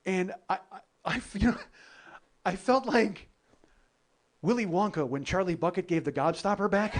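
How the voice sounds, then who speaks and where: A man's voice: high voice, normal speed, slight background noise. A man hosting a comedy podcast, telling a long travel story in a loose, profane way and often laughing at his own jokes. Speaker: podcast host.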